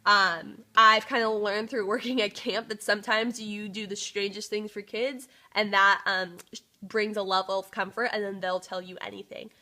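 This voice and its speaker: A woman's voice: mid-range voice, fairly even intonation, moderate pace, pushed and bright. A young woman, a student, talking casually to camera in an application video, earnest and upbeat with frequent fillers. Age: young adult. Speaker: student applying to be a resident assistant.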